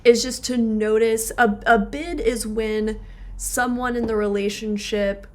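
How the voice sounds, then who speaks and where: A woman with a somewhat high voice co-hosts a relationship podcast. As a therapist, she talks casually, walking through everyday examples with plenty of filler words. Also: steady tone, a little slow.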